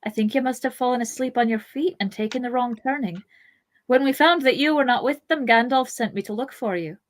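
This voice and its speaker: A woman's voice: fairly high pitch, steady tone, fast talker, a little mellow, voice pushed up, close to an everyday voice. Woman voicing Pippin, an anxious young hobbit. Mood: worried. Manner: urgent, coaxing, raised voice.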